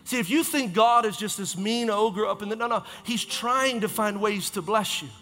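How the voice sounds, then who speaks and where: A man delivers an impassioned sermon, repeating phrases and correcting himself quickly as he drives a point home. His voice sits high and bright. The sound comes from a reverberant church hall with faint music underneath. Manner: impassioned, repetitive preaching with quick self-corrections. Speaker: pastor.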